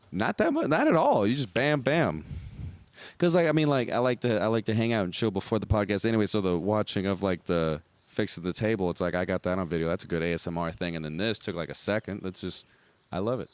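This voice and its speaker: Young male podcast host, deep voice, casual and giggly, slightly drunk, dry sound. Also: brisk, dry recording. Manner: laughs often, excitable, swears casually. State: out of breath, tipsy. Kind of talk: casual chat.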